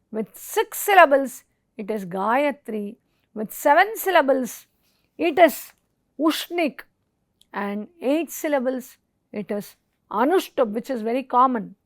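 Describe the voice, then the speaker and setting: A woman lecturer giving an educational talk, reciting Sanskrit verses and technical terms in a slow, deliberate way. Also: high-pitched, no echo, clean studio sound. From India.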